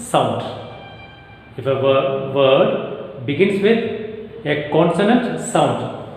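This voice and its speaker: Male English teacher, slow repetitive lecture delivery, heavy room echo. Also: on the high side. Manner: slow and repetitive, repeats key phrases. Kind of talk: recorded class lecture. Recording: very echoey room, long reverb.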